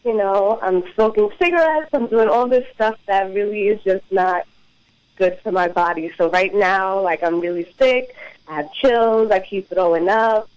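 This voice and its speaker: A woman's voice: medium pitch, moderate pace, darkish tone, no echo. A woman in her twenties calling a radio show by phone, talking in a giggly, hesitant way with many fillers. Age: 20s. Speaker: caller. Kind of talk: call-in radio conversation. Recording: phone line.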